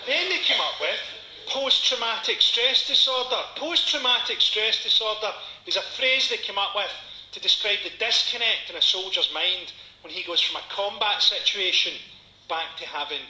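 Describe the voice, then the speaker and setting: A Scottish man in his forties doing a stand-up comedy set, with a dry, sardonic delivery and dark punchlines. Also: high-pitched, moderate pace. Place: comedy venue before a live audience. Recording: echoey venue with audience noise.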